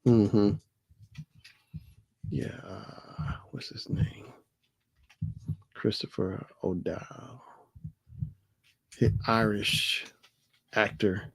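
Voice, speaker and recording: Man, talk show host, laid-back, unhurried speech, short agreeing replies. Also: lowish voice, steady tone, creaky, no room sound. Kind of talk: casual chat.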